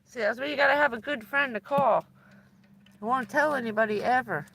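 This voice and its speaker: A woman's voice: fairly high pitch, brisk, creaky, fairly bright tone, a little hiss or hum. A woman livestreaming from inside her van, chatting casually with viewers and laughing often as she tells stories.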